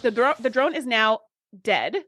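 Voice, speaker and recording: Animated woman podcast co-host. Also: on the high side, a little slow, background noise. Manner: animated, acts out reactions. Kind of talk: casual recap chat.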